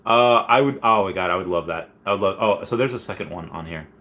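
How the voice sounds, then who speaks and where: A man hosting a casual livestream, reading viewer comments aloud and rambling excitedly. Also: sits low, quick pace. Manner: excitable, rambling, many restarts and squeals. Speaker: livestream host.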